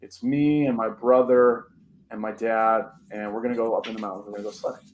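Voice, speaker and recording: A man's voice: lowish voice, fairly even intonation, brisk, darkish tone, a little hiss or hum, close to an everyday voice. A man doing an eager young boy. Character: young boy, a childhood friend.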